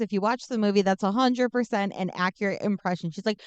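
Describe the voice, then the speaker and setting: A woman's voice: medium pitch, fairly quick, few pauses, smooth, no room sound, dull audio. A woman podcast co-host recapping a movie plot in a casual, joking, sarcastic way. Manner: joking, sarcastic, animated storytelling.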